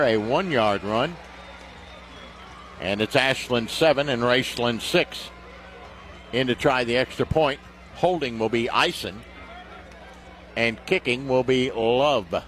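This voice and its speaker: A man doing play-by-play commentary of a high school football game on radio, getting loud and excited on big plays. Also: slight background noise. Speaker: play-by-play announcer.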